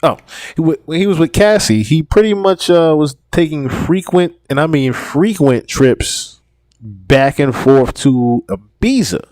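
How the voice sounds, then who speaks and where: A man's voice: on the high side, lively intonation, a little slow, darkish tone, dry recording. A man in his thirties hosting a podcast solo, rambling and swearing as he comments. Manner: rambling, profane, repeats himself. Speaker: podcast host.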